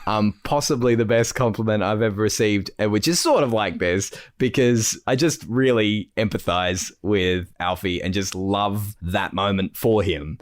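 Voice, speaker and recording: An Australian man co-hosting a podcast, chatting casually, telling lively stories with acted-out quotes and frequent laughter. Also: lowish voice, normal speed, few pauses. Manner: animated storyteller, acts out quotes, laughs often. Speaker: podcast co-host. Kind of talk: casual chat.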